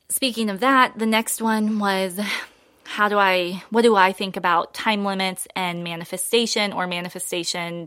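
Brief: woman life coach, casual and emphatic talker, mid-pitched voice, dry close mic. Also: fairly bright tone, no room sound. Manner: chatty, emphatic, laughs often. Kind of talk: casual monologue.

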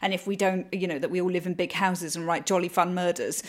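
A woman's voice: lowish voice, fairly even intonation, fast. A woman from Britain, a crime writer being interviewed on a podcast, talking casually, laughing often and restarting her sentences.

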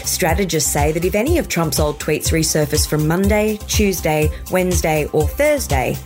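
Woman, deadpan newsreader, lively pitch, faint music bed. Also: normal speed. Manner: deadpan news delivery. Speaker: satirical news reader. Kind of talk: scripted comic news read.

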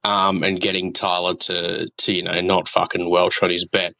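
A man leaving a casual voice message, swearing freely and pausing on fillers. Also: low-pitched, monotone, gravelly, bright, forceful tone, no room sound. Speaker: caller. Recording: dull lo-fi phone message.

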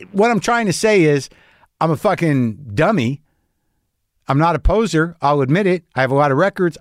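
A man's voice: fairly high pitch, dry recording, clean studio sound. A middle-aged man hosting a podcast, talking in a candid, rambling, self-deprecating monologue with a lot of profanity. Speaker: podcast host. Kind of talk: casual monologue.

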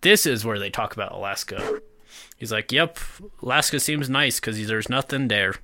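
A man's voice: lowish voice, normal speed. A man co-hosting a casual podcast, recapping a film scene by scene and acting out the characters' lines. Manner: lively, laughing, acts out characters' lines. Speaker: podcast co-host. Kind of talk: casual movie recap chat.

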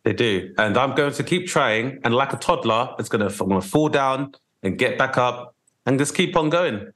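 A man's voice: mid-range voice, lively intonation, normal speed, fairly bright tone. A man hosting a comedy podcast, riffing in a loose, jokey, rambling way. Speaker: podcast host. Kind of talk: casual comedy podcast chat.

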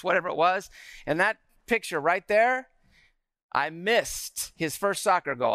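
A man in his forties giving an energetic talk to a live audience, often asking the room questions. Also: sits high, unhurried, no echo.

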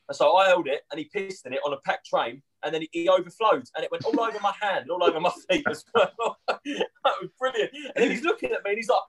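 Guy, quick and a bit husky, crude animated stories. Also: high-pitched, poor audio. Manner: fast, animated, crude storytelling. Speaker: podcast guest. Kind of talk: casual chat.

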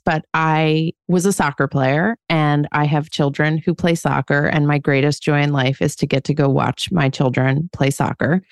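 A woman's voice: low voice, smooth, dry recording. Candid woman in her forties, dry studio. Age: 40s. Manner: candid, self-mocking storytelling with frequent laughs. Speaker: podcast co-host. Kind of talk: casual chat.

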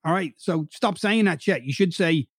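A man's voice: a little high, moderate pace, husky, no room sound, studio quality. A middle-aged man who hosts a podcast and used to coach, giving a blunt, profane motivational monologue with heavy emphasis. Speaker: podcast host, former coach.

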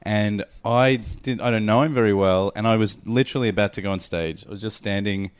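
A man's voice: fairly low pitch, a little fast, smooth. A man on a podcast, telling a rambling story with lots of laughter. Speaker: podcast co-host. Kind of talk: casual comedy chat.

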